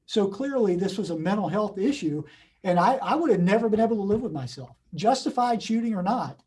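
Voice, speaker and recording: A middle-aged man speaking on a video call from his office, his voice pitched fairly high yet warm and mellow. He tells a story earnestly, stumbling and restarting often, with a husky edge to his tone. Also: expressive, fairly quick. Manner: earnest, many restarts and repeats. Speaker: police chief, guest speaker. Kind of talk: unscripted storytelling at a community meeting.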